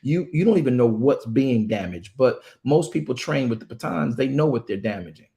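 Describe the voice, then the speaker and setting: A man's voice: medium pitch, expressive, a little fast, vocal fry, warm tone. A man from a ministry giving impassioned commentary, emphatic and repetitive, often stammering as he restarts phrases. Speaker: ministry speaker.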